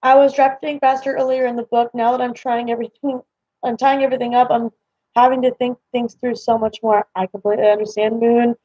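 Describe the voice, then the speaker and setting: A woman's voice: on the high side, little pitch movement, fairly quick, mellow, dry recording. A young woman chatting casually with her viewers on a live stream from home, rambling with lots of fillers. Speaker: livestream host. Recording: slightly dull lo-fi stream audio.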